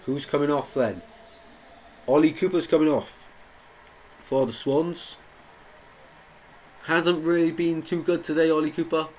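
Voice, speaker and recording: A man's voice: on the high side, steady tone, a little slow, long pauses, a little mellow, rough recording. A young man doing live football watchalong commentary, chatting with viewers and getting indignant at the play. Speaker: watchalong streamer. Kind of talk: live match commentary and chat.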